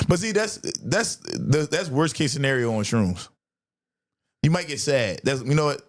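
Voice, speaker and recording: Animated young man telling a story. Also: normal speed. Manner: animated, acts out friends' voices in a high pitch. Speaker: podcast host. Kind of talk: casual storytelling chat.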